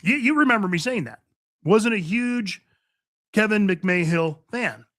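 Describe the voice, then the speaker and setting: A man's voice: sits high, lively intonation, measured pace, fairly bright tone, dry recording. A man hosting a talk radio show from a studio, delivering an emphatic, opinionated monologue and repeating his points. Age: older. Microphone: studio microphone.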